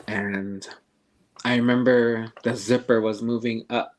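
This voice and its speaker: An older man telling a ghost story in a casual, halting way, full of fillers and restarts. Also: mid-range voice, little pitch movement. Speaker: podcast guest storyteller.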